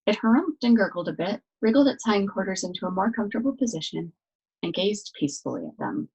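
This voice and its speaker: A woman reading a novel aloud as a storyteller, with steady, expressive narration. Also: medium pitch, fast talker, gravelly, breathy edge, dull audio.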